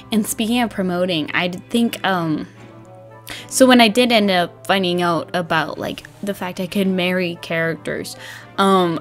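A young woman vlogger chatting casually about a game, bubbly and animated, laughing often and acting out her old reactions. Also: lowish voice. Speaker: gaming vlogger. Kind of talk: casual chat.

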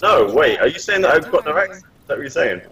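A man's voice: a little high, sing-song, fast, sharp tone, recorded from a distance, low-quality recording. A man gamer chatting in a dry, laid-back way with friends. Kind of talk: casual gameplay chat.

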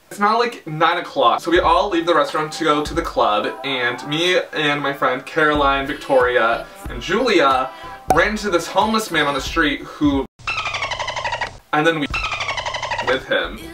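A man's voice: a little high, distant mic. A young man telling a dramatic storytime in a chatty way, full of filler words. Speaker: vlogger. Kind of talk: casual storytime.

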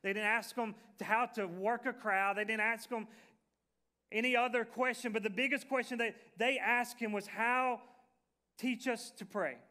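Guy pastor, higher bright voice, chatty sermon with lots of uh's. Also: steady tone, moderate pace. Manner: conversational preaching with fillers, restarts and folksy phrasing.

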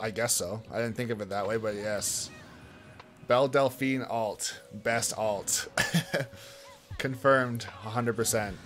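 A young man streaming a fighting game, chatting casually with his viewers, joking and swearing. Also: medium pitch. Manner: loud, swearing, joking with chat. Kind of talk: casual gaming stream chat.

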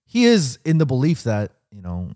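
A man's voice: mid-range voice, wildly swooping pitch, moderate pace, mellow. A young man co-hosting a podcast in casual chat, playful and teasing, laughing often. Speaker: podcast co-host.

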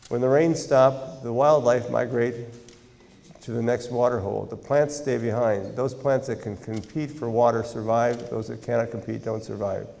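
An older American man giving a university lecture, measured and deliberate, with dry humor when he tells stories. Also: mid-range voice, gravelly, a little mellow. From United States. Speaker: guest lecturer, scientist. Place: large university lecture hall. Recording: reverberant lecture hall.

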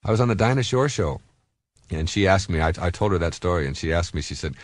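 A deep-voiced man in his fifties gives a self-help lecture and leans on personal anecdotes. He speaks in an animated, swooping way, stumbling through fillers and restarts. The recording is dry and close, with no room sound. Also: fast, no echo.

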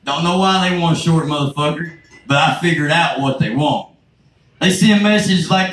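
Brash stand-up comic with a rural Southern accent, crude and self-mocking, voice a bit high, recorded from afar in a reverberant room. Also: male voice, normal speed, fairly bright tone. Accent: rural Southern American. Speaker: stand-up comedian. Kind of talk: stand-up set. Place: comedy club stage. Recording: echoey, noisy room from far off.

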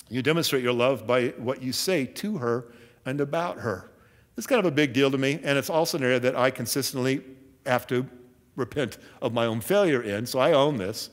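Man, pastor, sermon, earnest, emphatic, self-deprecating, raised pitch, reverberant hall. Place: church.

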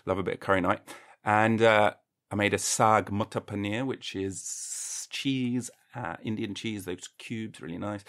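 A man's voice: fairly low pitch, fairly even intonation, unhurried, fairly bright tone. A man hosting a podcast in a casual comedic monologue, rambling and jokey, swearing freely and acting mock-indignant. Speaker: podcast host.

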